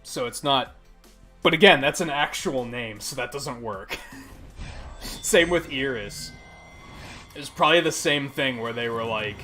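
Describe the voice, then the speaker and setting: A man's voice: fairly high pitch, animated, normal speed, a bit bright. A man live-streaming a video game, rambling casually and swearing often. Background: faint game music.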